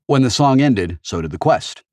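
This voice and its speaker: A man narrating a first-person audiobook in steady storytelling. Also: medium pitch, moderate pace, dry recording.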